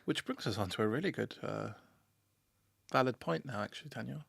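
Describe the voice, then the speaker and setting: A man's voice: medium pitch, expressive, gravelly, fairly bright tone, slightly rough, dry recording, clean studio sound. A man co-hosting a podcast in casual comedic chat, with a camp, teasing manner. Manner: camp, teasing, quick with jokes. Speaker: podcast co-host.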